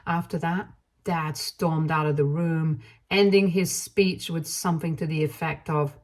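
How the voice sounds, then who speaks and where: Woman narrating a story in a lowish voice. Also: steady tone, a little slow, a little mellow. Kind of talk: scripted first-person story narration.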